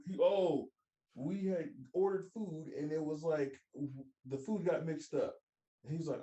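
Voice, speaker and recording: A man's voice: on the high side, fairly even intonation, normal speed, warm tone, reverberant, low-quality recording. A young man hosting a podcast, talking bluntly and profanely in casual banter and laughing as he talks. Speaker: podcast host.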